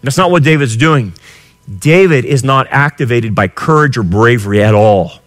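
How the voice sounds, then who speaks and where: A middle-aged male pastor preaching a sermon with passion, swinging from quiet lines to shouted ones. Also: mid-range voice, normal speed.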